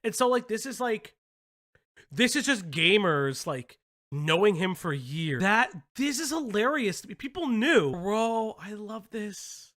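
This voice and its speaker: A high-pitched man hosts a casual commentary stream, his bright voice jumping around with excitement. He often breaks into shouts and laughter and swears freely. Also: a little slow.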